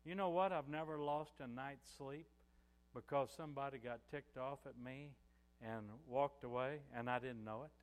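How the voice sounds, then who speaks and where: A man's voice: mid-range voice, steady tone, moderate pace, in a large hall. An older man preaching a sermon as pastor, in a conversational way with many "you know" fillers.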